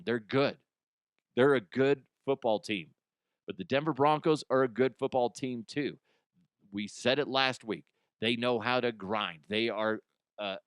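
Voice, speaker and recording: A man hosting a comedic football rundown, with an irreverent, profane and animated delivery. His voice sits at a middle pitch, and the recording is dry and close with no room echo. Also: smooth. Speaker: host. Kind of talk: comedic sports commentary.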